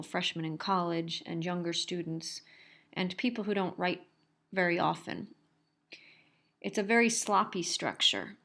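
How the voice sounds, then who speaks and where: A woman's voice: fairly low pitch, fairly bright tone. A woman teaching a college grammar lesson, explaining carefully and stressing example sentences. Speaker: college English instructor. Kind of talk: recorded grammar lecture.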